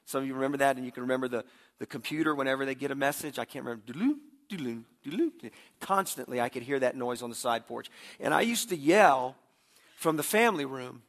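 Middle-aged man, pastor; conversational sermon, gravelly mid-pitched voice, stumbles on starts. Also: fast talker, fairly bright tone. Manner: conversational, repeats words when starting sentences.

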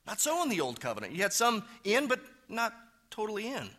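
A man preaching a sermon as pastor, stressing key words loudly and then dropping to hushed, low phrases. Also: wildly swooping pitch, brisk.

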